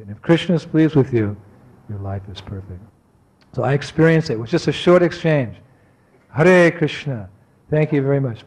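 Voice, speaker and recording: A man with a fairly high voice gives a devotional talk, telling a personal story. He acts out remembered moments with animation, then eases into softer, slower reflection. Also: poor audio. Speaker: spiritual teacher giving a talk.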